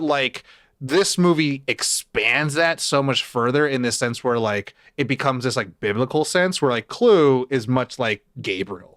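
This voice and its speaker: A man co-hosting a casual movie chat, animated, acting out lines in quoted voices. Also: mid-range voice, dry recording, clean studio sound. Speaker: podcast co-host.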